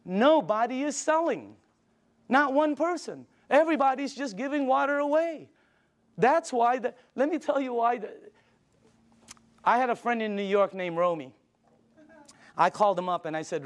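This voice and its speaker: A high-pitched older man gives an excited sales presentation. He tells anecdotes with emphatic punchlines and a pushy, storytelling energy. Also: moderate pace.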